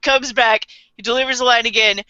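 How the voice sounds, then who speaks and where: A woman's voice: a little high, steady tone, a little fast, bright, forceful tone, clean tone, no echo, lo-fi sound. A woman co-hosting a casual podcast, recapping an anime with frequent giggles and acting out characters' lines. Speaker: podcast co-host.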